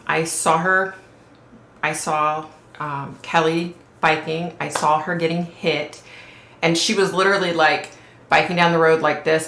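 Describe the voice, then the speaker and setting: A woman vlogger with a low, slightly bright voice tells the camera about a psychic vision. She rambles casually, says "like" a lot, and keeps checking in with "okay?" The room has a noticeable echo.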